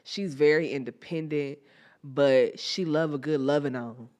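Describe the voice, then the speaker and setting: A woman, hosting a podcast and telling stories in a blunt, profane, animated way. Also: low-pitched, a little slow. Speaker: podcast host. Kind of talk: candid casual chat.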